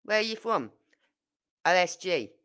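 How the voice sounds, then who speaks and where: Brummie lady in her 50s chatting on a live stream, lowish voice but bright and forceful, acts out all the back and forth. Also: unhurried. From Birmingham, England. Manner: animated storyteller acting out dialogue. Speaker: livestream host. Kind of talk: casual live chat.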